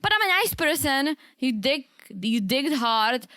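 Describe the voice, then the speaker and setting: A woman's voice: sits high, sing-song, measured pace, sharp tone, no echo, studio quality. A young woman, co-hosting a casual podcast chat, restarting her sentences and laughing often. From Czech Republic. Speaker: podcast co-host.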